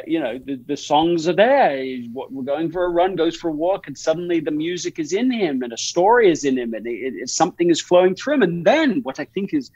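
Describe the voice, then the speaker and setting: A man's voice: fairly high pitch, darkish tone, no echo, dull audio. A man talking as a guest in a podcast interview, rambling through an anecdote with many restarts and fillers. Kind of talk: conversational interview.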